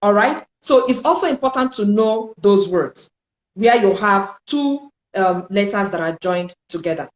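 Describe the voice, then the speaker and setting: A woman teaching French in a spoken lesson, explaining slowly and deliberately and repeating sounds for her learners. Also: medium pitch, lively intonation, echoey room, lo-fi sound.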